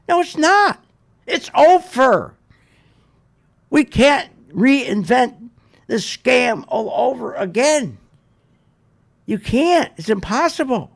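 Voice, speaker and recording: A man's voice: very high voice, sing-song, slow, gravelly, long pauses. A man hosting a radio show, delivering sarcastic, ranting market commentary. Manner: ranting, sarcastic, mocks others in put-on voices.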